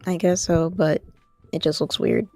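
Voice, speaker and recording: A woman's voice: fairly low pitch, steady tone, measured pace, a little mellow, no echo, faint music behind. Hesitant woman with a lisp. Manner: hesitant, many fillers and trailing thoughts. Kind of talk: casual livestream chat. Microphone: large desk mic.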